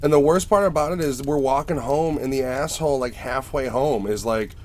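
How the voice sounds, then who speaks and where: A man's voice: medium pitch, normal speed, few pauses. A man hosting a casual chat, telling stories with plenty of swearing and acting out the people in them. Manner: profane, storytelling, animated in anecdotes.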